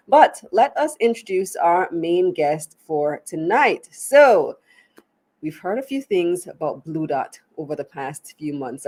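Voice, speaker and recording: A woman's voice: fairly low pitch, a little mellow. A Jamaican woman hosting a live-streamed business interview show, chatty and upbeat, laughing easily.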